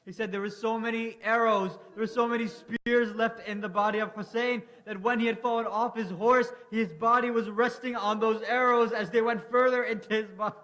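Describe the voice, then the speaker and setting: A man's voice: extremely high pitch, steady tone, fairly quick, few pauses, a bit bright. A man reciting a mournful religious lament, impassioned, rising into anguished cries.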